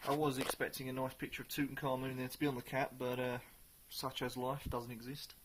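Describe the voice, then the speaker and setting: A man reviewing a beer in a casual, chatty way, sometimes pausing to search for the right words. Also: mid-range voice, little pitch movement, noisy background.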